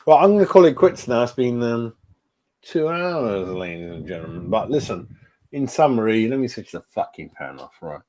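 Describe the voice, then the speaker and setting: Brief: man, forties, football fan streamer, lively up-and-down delivery, foul-mouthed, chatting to viewers. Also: medium pitch, normal speed. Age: 40s. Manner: sweary, animated, talking to chat. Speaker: fan channel host. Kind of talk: live stream reaction.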